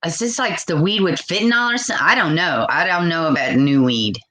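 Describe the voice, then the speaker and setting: Outspoken 40s lady hosting a live stream, lower voice but bright, reads chat out loud. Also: brisk, rough recording. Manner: blunt, outspoken, reads viewer comments aloud. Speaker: livestream host.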